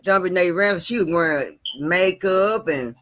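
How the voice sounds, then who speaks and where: A man's voice: sits high, moderate pace, fairly bright tone. A man hosting a casual chat, emphatic and repeating himself for effect. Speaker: host.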